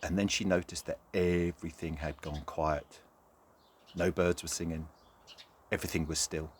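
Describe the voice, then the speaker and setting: A man telling a folk tale to children, animated and talking straight to the young listeners. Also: deep voice, normal speed, slight background noise. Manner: animated, talks directly to children. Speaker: storyteller. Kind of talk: children's story narration.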